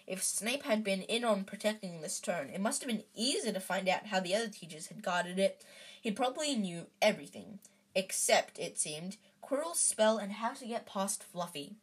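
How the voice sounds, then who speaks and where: Woman narrator, husky voice, casual storybook read-aloud, small slips. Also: medium pitch, animated, normal speed. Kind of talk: reading a children's novel aloud.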